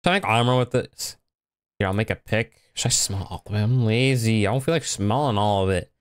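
A man's voice: fairly low pitch, fairly quick, clear, resonant tone, no room sound, studio quality. A young man giving casual, rambling commentary while playing a block-building game, talking to himself as he goes. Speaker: gaming YouTuber. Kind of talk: casual Minecraft let's play commentary.

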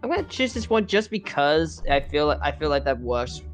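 A woman's voice: low-pitched, very animated, brisk, over loud music. A woman playing a card game online, thinking aloud and hesitant. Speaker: game player. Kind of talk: casual chat during a card game.

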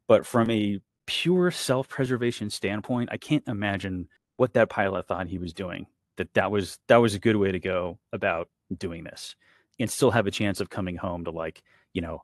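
A man who once flew military aircraft, talking in an animated, exasperated way in a panel discussion. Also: low-pitched, normal speed, no room sound, clean studio sound. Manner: fired-up, exasperated, emphatic. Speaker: former military pilot and analyst.

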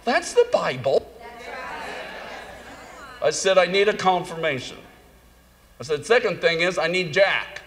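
A man telling a humorous, self-mocking story in a sermon, animated and jumping into high voices for comic asides. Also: measured pace, pauses often, some chatter behind. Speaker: conference speaker. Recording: long hall reverb, faint room noise.

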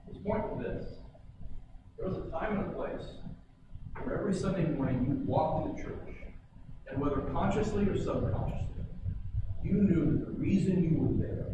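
A man preaching a sermon as pastor, shifting between forceful emphasis and quiet, slowed lines. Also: fairly high pitch. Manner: builds to forceful emphasis then drops quiet. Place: church sanctuary. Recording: echoey church hall, distant mic, background noise.

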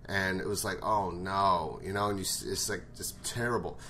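A man's voice: low-pitched, steady tone, fairly quick, bright, forceful tone, slight background noise. Blunt, profane man recapping a show. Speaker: show reviewer. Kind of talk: casual episode recap.

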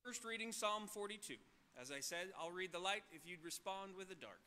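A male pastor talking gently with children and asking them questions, then reading scripture slowly and solemnly. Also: high-pitched, animated.

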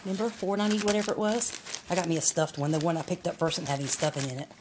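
A woman's voice: lowish voice, racing, noisy background. Chatty woman showing off purchases. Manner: chatty, folksy, rambling show-and-tell. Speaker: vlogger. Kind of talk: casual haul vlog.

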